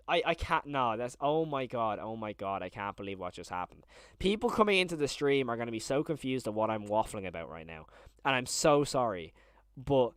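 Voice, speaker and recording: A young man streaming live, reacting excitedly and stammering through many restarts. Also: medium pitch, fairly quick, dry recording, clean studio sound.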